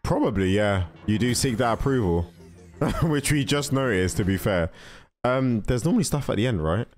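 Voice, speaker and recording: A man hosting a reaction video, giving excitable, casual commentary. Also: medium pitch, normal speed, soft background music. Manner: excitable, laughing.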